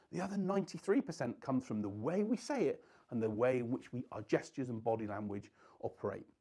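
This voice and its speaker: A male sales trainer earnestly coaches viewers on his method to camera, stressing the key words. His mellow, slightly husky voice rises and falls a lot in pitch.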